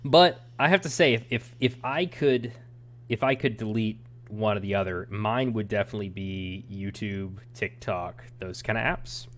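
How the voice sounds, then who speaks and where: A man's voice: on the low side, moderate pace. A young adult man co-hosting a podcast, giving his opinions in a rambling, ranting casual chat. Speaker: podcast co-host.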